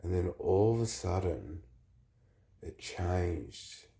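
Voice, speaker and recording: A man with the flu, telling a personal story in a halting, rambling, confessional way. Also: low-pitched, expressive, creaky, dark tone. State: sick with the flu.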